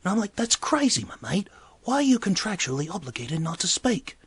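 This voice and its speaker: A man voicing a chatty male bartender, telling a bar story in a breathy voice. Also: medium pitch, big pitch swings, normal speed, dry recording, heavily acted. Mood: gossipy storytelling. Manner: exclaims loudly, then drops to hushed asides. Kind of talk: comedic character monologue.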